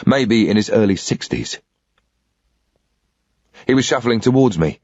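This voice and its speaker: Husky man narrating a thriller. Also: fairly low pitch, very animated, measured pace, pauses often, a little mellow, dry recording. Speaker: audiobook reader. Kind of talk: scripted audiobook narration of a thriller. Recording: dry, dull lo-fi audio.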